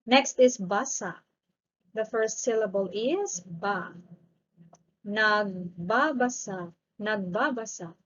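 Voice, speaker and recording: Speaking slowly with frequent pauses, a woman with a mid-range, slightly bright voice teaches grammar. As a language teacher, she patiently drills each word twice, and the audio's high frequencies are cut off.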